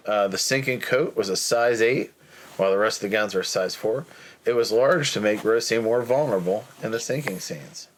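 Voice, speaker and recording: Man podcast host, lowish voice, casual trivia reading, faint hiss. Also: brisk. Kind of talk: casual movie trivia chat.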